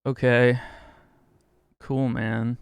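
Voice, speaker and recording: A man's voice: medium pitch, level tone, very slow, smooth, dry recording. Crude, rambling male streamer. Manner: crude, rambling and joking with chat, sudden shouts and squeals. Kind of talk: live-stream gaming chat.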